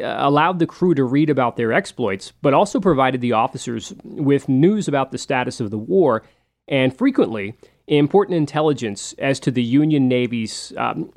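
Speaking in a mid-range voice, a man relates a historical story on his show in a laid-back, talky manner, often pausing for fillers and digressions.

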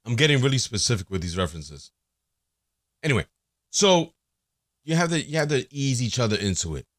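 A man's voice: medium pitch, big pitch swings, a little fast, dry recording, clean studio sound. A man hosting a casual solo podcast, crude and joking, rambling with lots of fillers and restarts. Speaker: podcast host.

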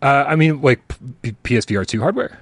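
A man's voice: medium pitch, very animated, fairly quick, no echo. A man co-hosting a live gaming podcast in casual, rambling chat, often admitting he is unprepared. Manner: rambling, self-deprecating, chuckling. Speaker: podcast co-host.

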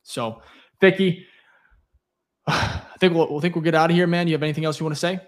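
A man co-hosting a casual sports podcast, relaxed and thankful, rambling with fillers. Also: on the high side, a little fast. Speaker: podcast co-host.

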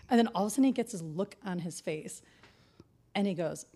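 A woman from the United States co-hosting a podcast, telling a story in an animated way, swearing freely and laughing as she goes. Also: medium pitch, quick pace. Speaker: podcast co-host. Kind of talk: casual chat, storytelling.

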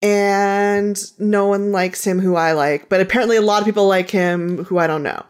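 A woman's voice: mid-range voice, normal speed, clear, resonant tone. A woman co-hosting a podcast, chatting in a dry, blunt, joking way. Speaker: podcast co-host. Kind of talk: casual chat.

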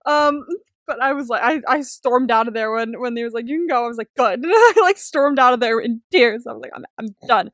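A young woman co-hosting a podcast, telling stories in an animated way, swearing freely and laughing often. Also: a little high, fairly quick, no room sound, studio quality. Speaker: podcast co-host. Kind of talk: casual chat.

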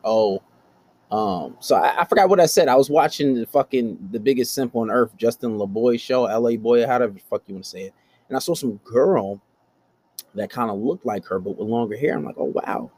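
Profane casual man telling a story. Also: darkish tone. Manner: profane, storytelling, mimics voices in high pitch. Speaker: podcast host. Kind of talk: casual improvised monologue.

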